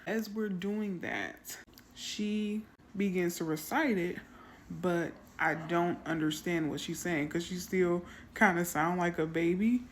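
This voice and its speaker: A mother shares a faith story in a relaxed, conversational way, with a voice sitting a little low for a woman. She grows animated when she quotes her small daughter. A faint hiss sits under the recording. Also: slow. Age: adult mother. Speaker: Christian content creator. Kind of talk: casual testimony to camera.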